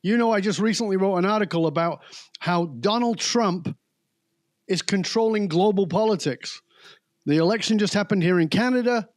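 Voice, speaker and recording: A man talking as a podcast guest, animated, slowing down to hammer key words and mimicking other voices. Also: high voice, no room sound, studio quality. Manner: animated storyteller who mimics accents and voices; slows down to stress key words. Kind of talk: casual conversation.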